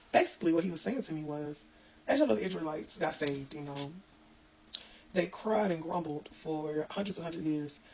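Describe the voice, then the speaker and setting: Woman talking faith real casual, kinda gravelly, earnest, trips on words sometimes. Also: low-pitched, darkish tone, slight background noise, low-quality recording. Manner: earnest, informal, stumbles over words; reads scripture aloud haltingly. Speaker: online devotional speaker. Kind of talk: casual devotional talk.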